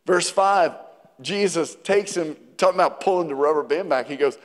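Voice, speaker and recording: High-voiced man preaching in a hall. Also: moderate pace. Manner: animated preaching, rising to near-shouting on quotes; asks the congregation questions. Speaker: pastor. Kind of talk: sermon. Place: church sanctuary. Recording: reverberant hall.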